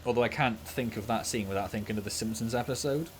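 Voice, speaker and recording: A man's voice: lowish voice, quick pace, slight background noise. A man streaming a farming game and chatting casually and jokily, laughing easily. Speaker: gaming streamer. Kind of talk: casual livestream gameplay chat.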